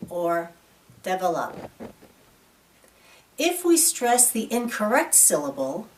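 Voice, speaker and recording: A woman teaching pronunciation in a clear, deliberate scripted lesson, stretching out example words. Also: medium pitch, slight background noise.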